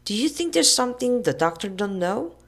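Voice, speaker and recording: A woman voicing a stubborn, excitable young boy in a storybook reading, pitching her voice up and calling out eagerly. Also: a little fast. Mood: puzzled. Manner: shrill, yelling triumphantly.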